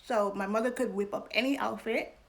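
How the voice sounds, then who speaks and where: Chatty woman with a high voice and frequent laughter. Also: steady tone, a little fast, vocal fry. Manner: candid and chatty, laughs often, uses slang. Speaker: vlog host and scholar. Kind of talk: casual educational talk.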